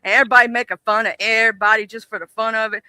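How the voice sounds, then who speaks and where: A man's voice: high voice, steady tone, rapid-fire, pushed and bright, clean tone, dry recording, poor audio. A man in casual, joking livestream chat, reminiscing and greeting viewers in the chat. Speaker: livestream co-host.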